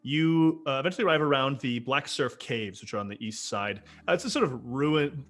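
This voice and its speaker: A man's voice: mid-range voice, fairly bright tone. Man narrating a tabletop game. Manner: casual, halting narration with fillers. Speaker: game master.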